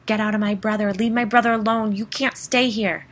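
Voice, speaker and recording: A woman narrating a horror story in a hushed, half-whispered voice. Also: medium pitch, steady tone, fairly quick.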